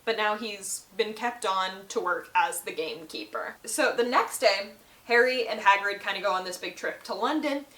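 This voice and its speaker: A woman's voice: mid-range voice, normal speed, a bit bright. A woman giving a casual, chatty book recap and leaning on the filler "like". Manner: chatty, heavy use of "like". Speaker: book reviewer. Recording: roomy echo.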